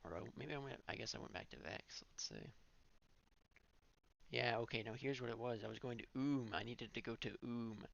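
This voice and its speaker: A man's voice: medium pitch, fairly quick, vocal fry, fairly bright tone, highs cut off. A male streamer giving gameplay commentary, thinking aloud and correcting himself as he goes.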